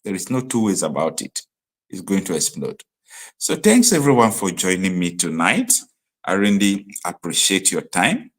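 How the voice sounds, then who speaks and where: A man from Nigeria hosts a live online show, giving commentary. His low voice turns animated and rises into emphatic outbursts. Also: moderate pace.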